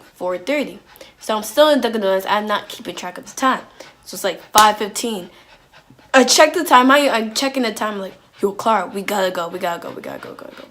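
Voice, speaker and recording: Slangy New woman telling a story. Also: medium pitch. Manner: animated, slangy storytelling with many "like"s and restarts. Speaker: vlogger. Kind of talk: storytime vlog.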